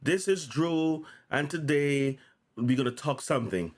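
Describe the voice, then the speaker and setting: Reading news notes on his own channel, this host speaks in a relaxed way but often stumbles, repeating and restarting words. He has a fairly high voice and talks a little slowly.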